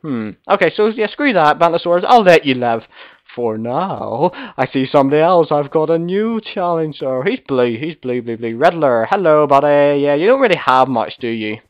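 A young man commentating his own game play, chatty and excitable, gasping and yelling when danger comes. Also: a little high, normal speed, no room sound, lo-fi sound. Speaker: gamer commentator. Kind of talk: gameplay commentary.

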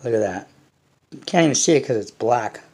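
A man's voice: mid-range voice, lively intonation, a little fast, creaky, darkish tone, husky. A man hosting a casual unboxing vlog, rambling and blunt, swearing freely as he talks to his viewers. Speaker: hobby channel host.

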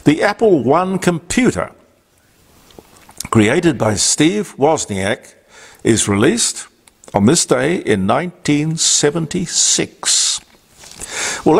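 A man's voice: mid-range voice, creaky, slightly rough. An older man with an Australian accent hosting a talk show, reading on-this-day items with rambling asides and fillers. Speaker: radio talk host. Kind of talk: casual on-this-day segment.

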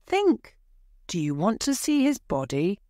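A woman's voice: lowish voice, big pitch swings, slow pace, no room sound. Storybook old man, tired and frightened, pleading in anguish, voiced by a woman narrator; dry and close. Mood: alarmed.

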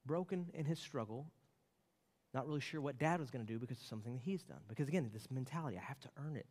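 A man in his late thirties preaching a sermon, telling a family story with an animated, storytelling manner. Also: mid-range voice, fast. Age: late 30s. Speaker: pastor. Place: church sanctuary. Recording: long reverb of a church hall.

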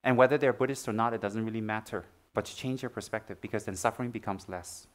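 A man's voice: fairly low pitch, fast. Playful Buddhist teacher, man. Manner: playful, teasing, swings from loud animated jokes to soft earnest teaching. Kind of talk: Dharma talk.

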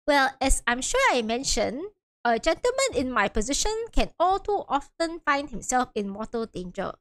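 A woman's voice: high-pitched, very animated, fairly bright tone. A woman putting on a folksy sounding coachman. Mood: earnest. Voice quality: broad folksy brogue, drawn-out words. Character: middle-aged male Scottish-sounding coachman witness, folksy.

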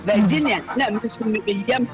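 A Ghanaian man calls in to give his testimony, his voice pitched very high. He speaks haltingly, restarting and filling pauses as he goes. Music plays clearly beneath him.

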